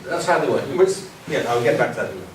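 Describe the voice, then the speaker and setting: A man giving an academic lecture with musical examples, talking in a lively, digressive way, humming and counting beats. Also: mid-range voice, rapid-fire, very noisy. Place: university lecture room. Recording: very echoey hall from far off, with music.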